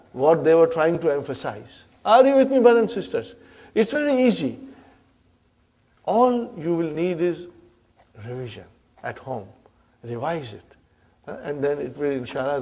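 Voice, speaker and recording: A man's voice: on the high side, a little mellow. A man teaching Arabic grammar to a class in a lecture style, often checking in with his students.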